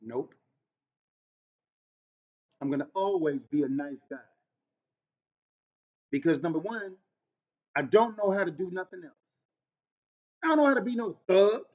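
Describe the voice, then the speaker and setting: A man hosting a podcast, telling stories in a casual monologue with big swings in loudness and pitch, using Black American vernacular. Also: muffled recording. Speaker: podcast host.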